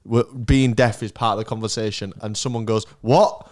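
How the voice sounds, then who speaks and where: A man's voice: lowish voice, steady tone, brisk, a little mellow. A man co-hosting a casual podcast, joking and often laughing as he tells a story. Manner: joking, laughs mid-sentence. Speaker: podcast co-host. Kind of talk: casual chat.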